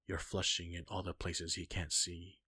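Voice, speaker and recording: Male story reader, low and husky with a bright edge, dry and close. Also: monotone, normal speed, no echo. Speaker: fan-fiction reader. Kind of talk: second-person story reading.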